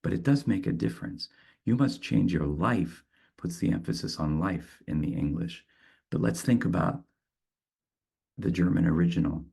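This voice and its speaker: A man with a very low, heavily gravelly voice guides a meditation and reads poetry aloud. His tone is husky and unhurried, and he sometimes stumbles and repeats a word as he searches for his thought. He speaks as a reflective poet. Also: dark tone. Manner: slow, thoughtful, with halting repeats. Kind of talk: reflective talk and poetry reading.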